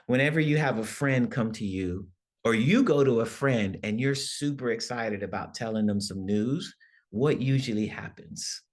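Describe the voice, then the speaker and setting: A man's voice: mid-range voice, moderate pace. A man, a songwriting professor, giving a conversational workshop lecture, often checking in with "right?" and acting out examples in different voices. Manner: animated, demonstrates with acted-out voices.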